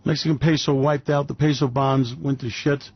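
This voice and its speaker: A man's voice: mid-range voice, fairly even intonation, normal speed, breathy edge, dry recording, highs cut off. Older man rambling through radio stories. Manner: blunt, hesitant with many fillers, storytelling. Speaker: radio show host.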